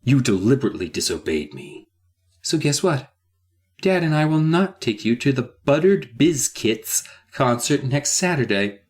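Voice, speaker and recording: A man's voice: mid-range voice, big pitch swings, moderate pace, a little mellow, voice pushed up, lightly acted. A man voicing a strict mother who scolds in a stern voice.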